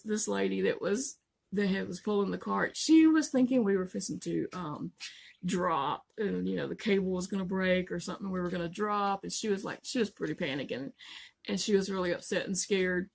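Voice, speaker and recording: A woman's voice: mid-range voice, normal speed, vocal fry, darkish tone, husky. A woman, telling a story in a chatty vlog and laughing often along the way. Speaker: vlogger.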